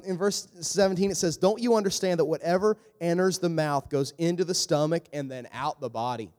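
A male pastor preaches in a loose, humorous way, with a voice pitched a little above most men's. He keeps tossing in asides and jumps into short voiced impressions. A long reverb from a large hall trails behind every phrase. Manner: animated, joking asides with quick voiced impressions. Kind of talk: sermon.

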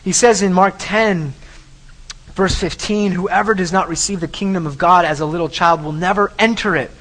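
Man, pastor, sermon, emphatic, repeats phrases, higher pitch. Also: fairly even intonation, normal speed, a bit bright, rough recording.

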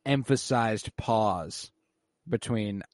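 Man, lowish voice, casual movie chat, relaxed, sweary. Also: very slow, no echo, studio quality.

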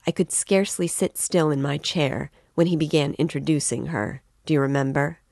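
A woman's voice: sits low, fairly even intonation, moderate pace, creaky, a little mellow, dry recording, studio quality. A woman reading the part of an anxious, talkative middle-aged mother in a novel. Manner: worried, talkative.

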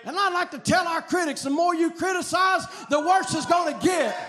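A man preaching a fiery revival sermon, shouting in a chanting cadence. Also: very high-pitched, moderate pace, crowd noise.

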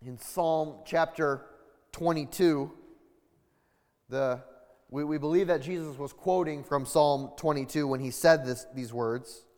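A man preaching a sermon with deliberate, measured teaching and frequent restarts. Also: a little high, a little mellow. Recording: long reverb of a large hall.

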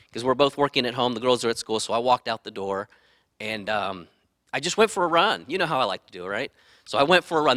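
A middle-aged man telling a personal story in a candid, rambling way, often repeating words, swinging from quiet asides to loud, heated outbursts. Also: mid-range voice, dry recording.

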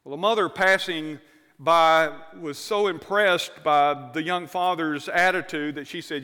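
A man's voice: a little high, measured pace, sharp tone, clear, resonant tone. A man preaching a sermon as pastor, telling a story to his congregation and reading scripture aloud. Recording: church hall reverb.

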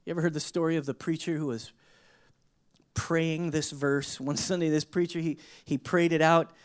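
A pastor with fairly even intonation and a moderate pace preaches a sermon in a conversational way. It's full of rhetorical questions, and his emphatic bursts drop into hushed low asides.

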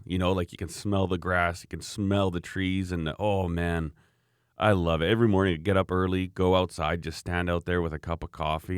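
Man, very deep voice, rambling easygoing storyteller, casual podcast chat, dry close sound. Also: no room sound. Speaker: podcast co-host.

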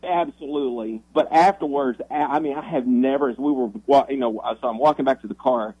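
A man who is a minister, telling a story on the radio in an animated, excitable way, often restarting his sentences. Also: medium pitch, a little fast, breathy edge, dry recording, narrow, tinny audio.

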